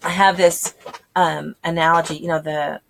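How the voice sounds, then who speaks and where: A woman's voice: sits low, flat delivery, normal speed, creaky, a little hiss or hum. A woman, talking casually and chattily to homeschooling parents, acting out quoted voices as she explains. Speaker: homeschool channel host.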